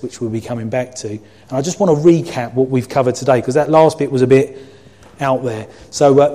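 A man's voice: medium pitch, warm tone. A man preaching a sermon in an earnest, reflective teaching manner, reading scripture and explaining it.

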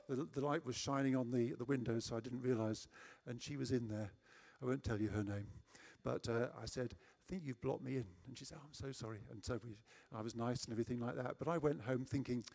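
Man, middle-aged, sermon, self-deprecating anecdote, mid pitch. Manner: self-deprecating, chatty storyteller who acts out shouting. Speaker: preacher. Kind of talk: sermon with personal story.

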